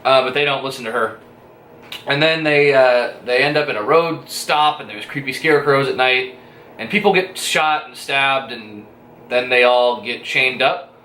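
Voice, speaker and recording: Male reviewer, rambly and crude, bright voice, roomy echo. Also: mid-range voice, moderate pace, slight background noise. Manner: rambling, profane, hesitant with many fillers. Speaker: movie reviewer. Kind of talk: casual spoken movie review.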